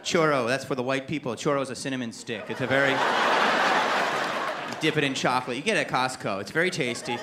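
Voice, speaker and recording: A man performing a stand-up comedy set on stage, animated and putting on voices for his characters. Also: medium pitch, fairly quick. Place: comedy club stage with audience. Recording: live stage mic with loud crowd noise.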